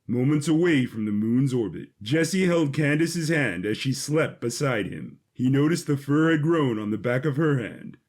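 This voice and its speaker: A man narrating his own audio drama in an expressive, animated way. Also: medium pitch. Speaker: writer and narrator.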